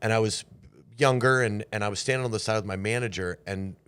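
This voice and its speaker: A man's voice: lowish voice, fast, clean tone. A man hosting a podcast in casual chat, telling stories and acting out the lines people said. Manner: animated storyteller who acts out quoted lines. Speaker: podcast host.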